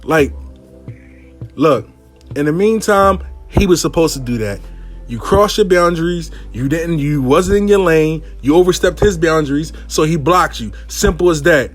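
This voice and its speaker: A man telling a comic personal story in a blunt, profane, animated way. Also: a little high, moderate pace, faint music behind.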